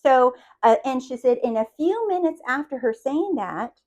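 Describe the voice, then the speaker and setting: This woman, a manifestation coach, speaks at a moderate pace in an animated way, though the audio sounds dull. In her motivational talk to viewers she asks "do you see?" again and again and performs her stories, giving quotes dramatic leaps in pitch and loudness.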